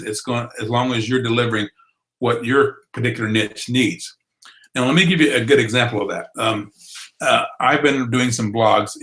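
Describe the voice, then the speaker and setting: Bright-voiced Southern drawl instructor. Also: male voice, medium pitch, low-quality recording. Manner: folksy, encouraging, repeats itself. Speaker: blogging course instructor. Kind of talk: online training broadcast.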